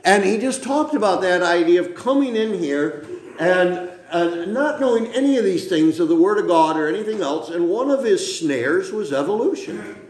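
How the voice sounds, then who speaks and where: An older man preaching a sermon, rambling and emphatic, often tagging lines with a quick "okay?". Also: sits high, animated, a little mellow, reverberant. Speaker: pastor. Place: church sanctuary.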